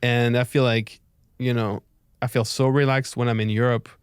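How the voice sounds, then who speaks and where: A man's voice: medium pitch, flat delivery, moderate pace, smooth, dry recording, clean studio sound. A young man with a French accent, a stand-up comedian telling stories in a casual podcast chat and acting out the people he quotes. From France. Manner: storytelling, acts out quoted voices.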